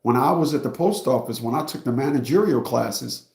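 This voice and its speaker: A man's voice: mid-range voice, brisk, vocal fry, darkish tone. A man telling a story to his viewers in a casual, emphatic and profane rant, speaking straight to the audience. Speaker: streamer and commentator. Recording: roomy echo.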